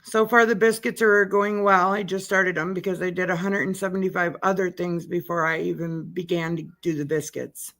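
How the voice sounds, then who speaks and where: A woman's voice: lowish voice, little pitch movement, a bit bright. A woman hosting a live stream, chatting casually and joking while commenting on a trial. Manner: chatty, joking, drawn-out words. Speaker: livestream host commenting on a trial.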